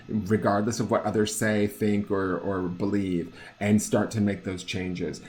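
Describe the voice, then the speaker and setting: A man's voice: fairly low pitch, slight background noise. A man giving a casual, chatty tarot reading to his viewers, searching for words and often checking that he makes sense, with a lilting, upspeak-prone way of talking. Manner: chatty and searching, full of fillers and checks for understanding. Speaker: tarot reader.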